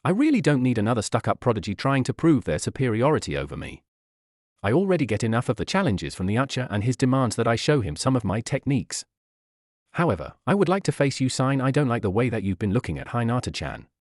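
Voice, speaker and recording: A man reading aloud as a calm, protective teenage boy ninja in a fan story. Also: mid-range voice, fast talker, dry recording, clean studio sound. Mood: firm. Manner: impassive, firm.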